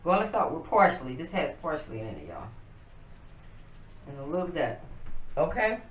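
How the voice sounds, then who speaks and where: Far from the mic in her home kitchen, a chatty vlogger cooks while talking to her viewers, addressing them as "y'all" in a casual demonstration. Her low voice is very animated at a moderate pace, in a roomy, noisy home video.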